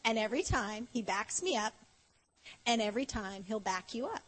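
Long hall reverb surrounds a woman's playful conference sermon, in which she chats with the audience and acts out little dialogues with laughter. She sounds animated and fairly bright, her voice a little high, and she keeps a moderate pace.

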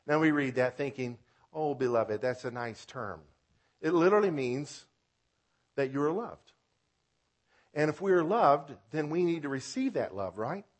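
A male pastor at a medium pitch delivers his sermon with lively, animated energy. He leans on playful wordplay and repeated phrases. His voice swings from loud, emphatic declarations to soft, hushed lines.

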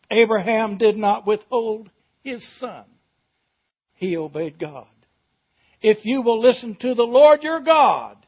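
A man preaching a sermon, shifting between shouted emphasis and quiet, reflective reading. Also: very high voice, husky, lo-fi sound.

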